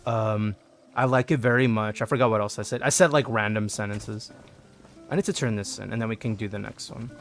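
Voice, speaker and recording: A man streaming a game, telling a story to chat in an animated way and laughing often. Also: lowish voice, fairly quick, faint music behind. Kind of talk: casual chat while gaming.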